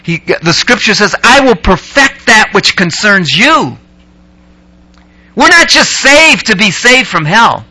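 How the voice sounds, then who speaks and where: High-voiced, lively man preaching a sermon. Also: slow pace. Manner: joking, teasing the audience between scripture points; storytelling, building excitement. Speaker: pastor. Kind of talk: sermon to a youth group.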